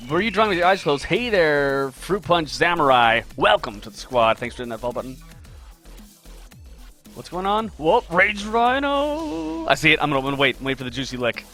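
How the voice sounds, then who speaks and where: A man's voice: medium pitch, very fast, hardly any pauses, bright, forceful tone, faint music behind. A man hosting a casual live stream as a game artist, upbeat and chatty, greeting viewers by name while he draws.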